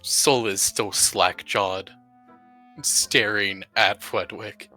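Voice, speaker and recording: A man narrating his characters' actions as a player in a tabletop game, in a lively, laughing way. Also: on the low side, drawn-out words, faint music behind.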